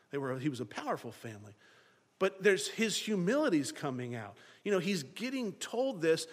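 A man preaching a sermon in an animated way, acting out the thoughts of the people in his story. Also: sits high, long reverb tail. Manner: animated, acts out characters' thoughts in dialogue.

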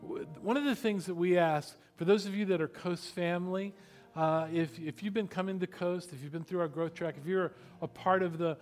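A man's voice: sits high, steady tone, normal speed, soft background music. Man pastor leading prayer and announcements. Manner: soft prayerful then upbeat and joking. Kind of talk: sermon closing and church announcements.

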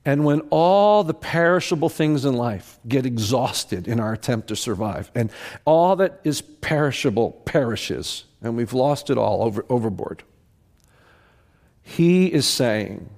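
A man's voice: medium pitch, animated, measured pace, creaky, darkish tone. Earnest, emphatic male pastor preaching. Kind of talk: sermon.

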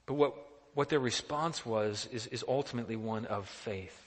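Earnest preacher with a bright voice. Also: male voice, mid-range voice, brisk, in a large hall. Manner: earnest, questioning, emphatic. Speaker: pastor. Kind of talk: sermon.

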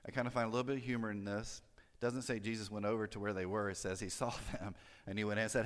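A man's voice: fairly low pitch, fast talker, a bit bright. A man preaching a sermon in a church, explaining scripture in a conversational way, with fillers and joking asides. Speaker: pastor. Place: church sanctuary. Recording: long hall reverb.

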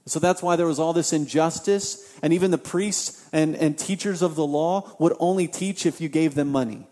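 Impassioned high-voiced male preacher, echoing hall. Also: moderate pace, mellow. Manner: repeats phrases for emphasis. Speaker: pastor. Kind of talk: sermon. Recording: long hall reverb.

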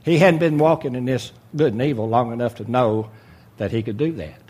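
A man's voice: mid-range voice, brisk, a little mellow, husky. A man preaching a sermon in a folksy, joking way, reading scripture and retelling the story with voices for each character.

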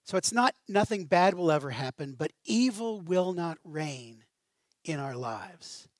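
A man preaching a sermon in a conversational way. He speaks with animation and casual asides, in a fairly high voice. The sound is dry and close. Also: lively intonation, unhurried, no room sound. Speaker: pastor.

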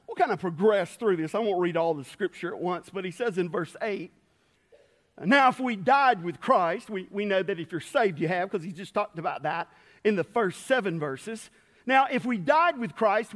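A man preaching a sermon as pastor, folksy and storytelling. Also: high-pitched. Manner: folksy, storytelling with quoted voices. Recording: long hall reverb.

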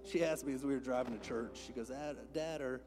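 A man preaching a sermon as a pastor in a church, moving between hushed whispers and loud, impassioned calls. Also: medium pitch, a little fast. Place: church sanctuary.

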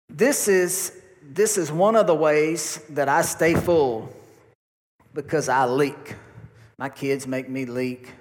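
A male pastor delivers an emphatic sermon, repeating phrases for weight. His voice sits a little on the high side. The sound carries a long reverb from a church sanctuary. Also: slow. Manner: emphatic preaching with repetition.

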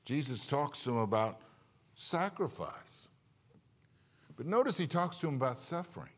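A man's voice: medium pitch, sing-song, normal speed, big-room sound. A man preaching a sermon as a Baptist pastor, impassioned, asking the congregation rhetorical questions and building to emphatic peaks.

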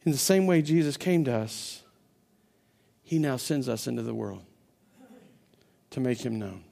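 A man preaching a sermon as pastor, building to loud, impassioned stretches and often repeating words as he restarts. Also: mid-range voice, lively intonation, a little slow, creaky. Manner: impassioned preaching that builds to near-shouting climaxes.

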